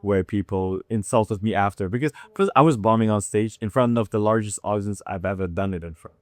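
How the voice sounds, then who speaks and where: In a casual interview, a thirty-something comedian shares frank, lively stories and performs the quotes himself. He has a lowish voice, captured in studio quality with no room sound.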